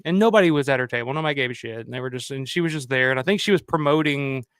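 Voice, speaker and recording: A man's voice: medium pitch, very fast, a bit bright, clean tone, dry recording, clean studio sound. A man telling convention stories in a casual, rambling way, full of "you know" and cursing. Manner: acts out the people he quotes. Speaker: roundtable guest. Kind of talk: casual storytelling.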